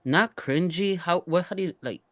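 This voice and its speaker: Relaxed man recapping reality TV, dry sound. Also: high-pitched, moderate pace, dry recording. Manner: relaxed, hesitant, many fillers. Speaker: podcast co-host. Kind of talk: casual reality TV recap chat.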